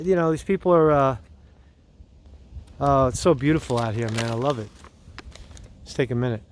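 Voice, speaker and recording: Middle aged guy ranting on his vlog out in the woods, swears a lot, keeps saying right?, kinda high-ish voice. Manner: profane, repetitive, mocking, says "right?" often. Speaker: vlogger. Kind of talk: rambling political rant vlog. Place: outdoors walking in the woods.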